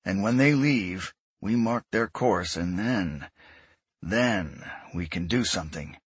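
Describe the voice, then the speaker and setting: A man voicing a bitter, grim male fleet commander who speaks flatly and quietly. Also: low-pitched, takes it slowly, husky, no room sound, heavily acted. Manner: flat, quiet and controlled.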